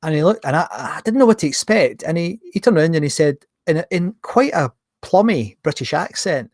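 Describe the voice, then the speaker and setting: A middle-aged man hosting a podcast, telling travel anecdotes in a casual, animated way. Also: a little high, a little fast, no echo, studio quality. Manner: animated, acts out dialogue in anecdotes. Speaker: podcast host. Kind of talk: casual storytelling monologue.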